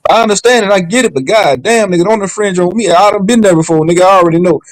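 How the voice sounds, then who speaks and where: Fast-talking man, joking and profane. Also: sits high, dry recording, poor audio. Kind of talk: casual livestream chat.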